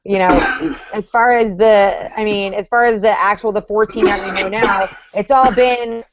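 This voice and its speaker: A woman's voice: medium pitch, fairly even intonation, moderate pace, over a noisy crowd. Chatty woman hosting a lo-fi call. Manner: chatty, leads the talk, restarts often. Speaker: livestream co-host. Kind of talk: casual group chat about a reality show.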